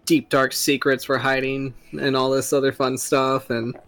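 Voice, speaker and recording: A man's voice: mid-range voice, little pitch movement, moderate pace, a bit bright, soft background music. A man chatting as a player in a tabletop game, eager and joking. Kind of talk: casual play chat.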